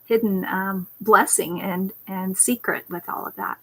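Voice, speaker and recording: A woman coach tells a personal parenting story in a reflective, steady way. Her voice sits in a middle register, and she sometimes slips into a higher voice to mimic her child. She speaks as a guest on a video call. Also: a little slow. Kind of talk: personal story on a talk show.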